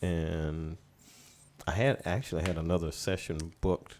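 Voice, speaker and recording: A middle-aged man, a studio owner casually telling stories as a podcast guest with relaxed, rambling anecdotes. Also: low-pitched, unhurried. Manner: relaxed, rambling anecdotes, laughing as he tells them. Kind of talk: casual storytelling in a podcast interview.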